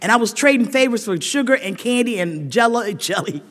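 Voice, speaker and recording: An older woman sharing a humorous recovery story with a meeting, a lively storyteller who laughs often and rises to shouted emphasis. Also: on the high side, a little fast. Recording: echoey hall.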